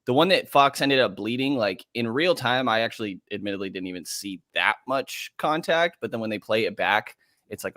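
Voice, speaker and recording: A man with a low voice breaks down a game on sports talk radio. He is casual and measured, and the recording is dry and close. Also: lively intonation, a bit bright, no echo. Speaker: podcast host guest.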